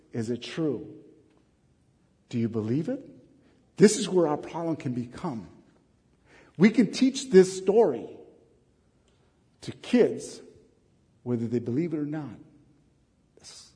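A man giving a classroom lecture to teachers, animated and asking the class many questions. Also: fairly high pitch, in a large hall. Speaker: teacher trainer.

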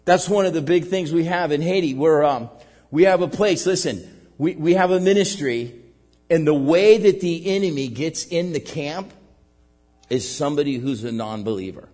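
Guy preaching, acts stuff out, keeps saying right? and man, slightly high voice, big echoey hall. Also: moderate pace. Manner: animated preaching, acts out little scenes, many "right?" and "man". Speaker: pastor. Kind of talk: sermon.

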